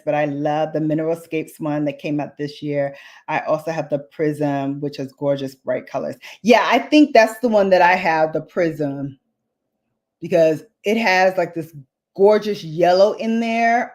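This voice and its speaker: A woman with a lowish voice chats her way through a makeup tutorial, unhurried and playful. She drops slangy asides to her viewers as she works. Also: a little mellow. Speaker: beauty vlogger. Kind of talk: casual makeup demo chat.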